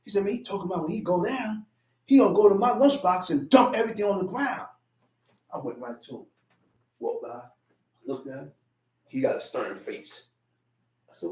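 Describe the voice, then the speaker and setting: Captured at a distance in an echoey room, a preacher with a high, expressive, darkish voice speaks at a moderate pace, pausing at length. His sermon is storytelling about his own life, and he performs the quoted voices himself.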